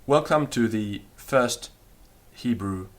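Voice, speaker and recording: A man's voice: medium pitch, slow pace. A man teaching a recorded beginner language lesson, explaining patiently and demonstrating the sounds aloud.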